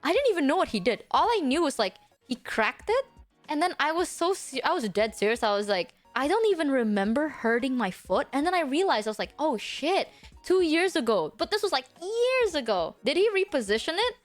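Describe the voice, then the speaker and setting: A young woman streamer chats to her audience in a high, bouncing voice that swoops up and down. She tells a dramatic story and swears freely, in English that is not her first language. Faint music plays underneath. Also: fairly quick. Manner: animated, swearing, dramatic retelling. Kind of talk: casual storytelling chat.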